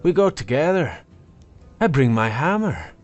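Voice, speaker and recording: A man's voice: mid-range voice, sing-song, a little slow, soft background music, voice pushed up. A man narrating a fantasy story, voicing a blunt, hearty blacksmith wife. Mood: firm.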